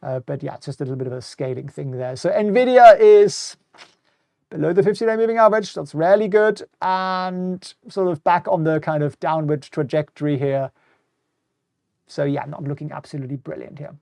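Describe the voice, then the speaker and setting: A man's voice: a little high, normal speed, creaky, a little mellow, no echo. A middle-aged man from Germany with a German accent mixed with British English, casually commenting on markets in a live stream, often repeating words and answering viewer questions. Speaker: host.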